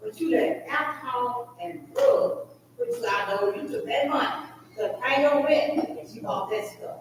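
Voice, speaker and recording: A woman's voice: high-pitched, sing-song, measured pace. A woman giving an earnest personal testimony in a church class. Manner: earnest, preaching to an absent person. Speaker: class member. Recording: echoey hall, mic far off, faint noise.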